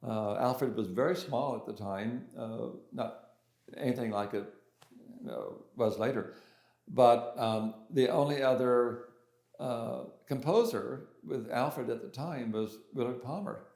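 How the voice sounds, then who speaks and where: An older man, a pianist and composer, talks through his story in an interview, casual and unsure, with many restarts and filler words. His mid-range voice is creaky, darkish and unhurried, and the room gives the recording an echo.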